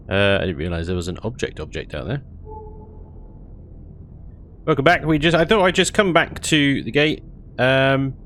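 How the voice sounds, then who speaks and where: A game streamer chats casually while playing a space game, rambling and laughing a lot. His voice is fairly low with a fairly bright tone, and there's a little hiss or hum in the audio.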